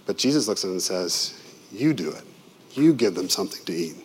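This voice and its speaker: A man preaching a sermon as a pastor, conversational and lively with vivid asides to the congregation. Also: low-pitched, a little fast, a little hiss or hum.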